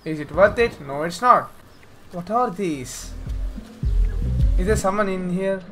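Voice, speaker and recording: An Indian-accented man narrates his gameplay with playful, jokey self-talk. His voice sits notably high. Faint music plays underneath. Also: animated, unhurried. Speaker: gameplay streamer. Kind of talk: let's-play commentary.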